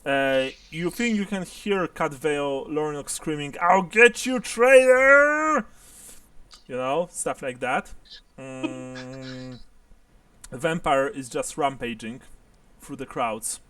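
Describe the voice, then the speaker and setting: A man narrating as game master of a tabletop game, halting and full of fillers. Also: a little high, recorded from a distance.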